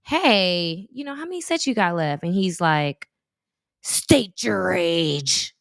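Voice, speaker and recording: A woman's voice: mid-range voice, moderate pace, smooth, no room sound, clean studio sound. A woman in her thirties, a guest in a casual chat, telling stories with lots of acted-out quotes. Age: 30s. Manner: animated storyteller, acts out quotes.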